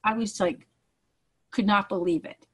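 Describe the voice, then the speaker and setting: An earnest mother tells her family's story in a conversational, unscripted way. Her voice sits at an ordinary middle pitch for a woman, and she talks plainly and directly. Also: unhurried, a bit bright, slightly rough, poor audio. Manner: earnest, acts out quoted dialogue. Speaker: parent giving a testimonial. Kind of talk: personal testimony, conversational storytelling.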